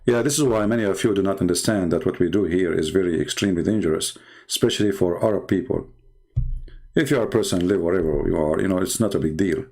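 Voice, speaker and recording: A man's voice: low voice, fast talker, a little mellow. A man hosting a live online debate stream, sarcastic and mocking, speaking English with non-native grammar. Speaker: livestream host.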